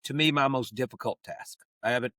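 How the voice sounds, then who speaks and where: A man's voice: medium pitch, a little fast, bright, forceful tone, dry recording, studio quality. A man co-hosting a podcast, chatting casually and telling funny anecdotes. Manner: joking, tells funny anecdotes. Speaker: podcast co-host. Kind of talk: casual conversation.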